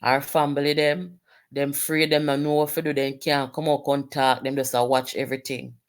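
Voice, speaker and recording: A woman's voice: rumbling low, little pitch movement, moderate pace. A woman with a Jamaican accent, delivering impassioned political commentary with indignant, emphatic rhetorical questions.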